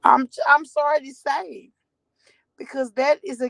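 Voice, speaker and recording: A woman's voice: high-pitched, unhurried, no room sound, low-quality recording. A woman in her forties, a mother talking candidly to her viewers in a blunt, rambling way and swearing freely. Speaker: mother telling her story. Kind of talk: candid direct-to-camera talk.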